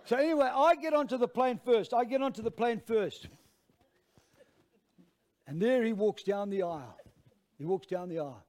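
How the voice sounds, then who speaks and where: An Australian man preaching with a high-pitched voice. He tells the story with lively, self-mocking energy and turns to the congregation often. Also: normal speed, long pauses. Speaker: pastor. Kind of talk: storytelling sermon.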